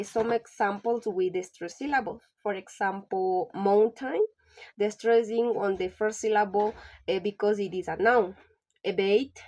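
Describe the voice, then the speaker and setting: Woman teacher going over pronunciation notes, lots of uh's, stops and starts, mid pitch. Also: darkish tone. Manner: halting, frequent "uh" fillers. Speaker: English teacher. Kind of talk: reading lesson notes aloud.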